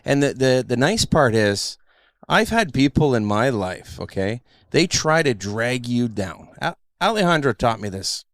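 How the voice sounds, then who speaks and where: Middle-aged male podcast host, lively storyteller, dry close sound. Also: medium pitch, measured pace, dry recording. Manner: animated storyteller, acts out quotes. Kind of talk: casual chat.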